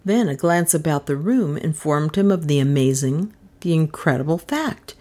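A woman reading a mystery novel aloud, expressive and rising in pitch at tense moments. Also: moderate pace. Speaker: audiobook narrator. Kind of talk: dramatic audiobook narration.

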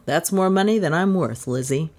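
A woman's voice: on the low side, expressive, normal speed, a little mellow. A woman voicing a stern middle-aged male detective in an audiobook, asking curt, clipped questions.

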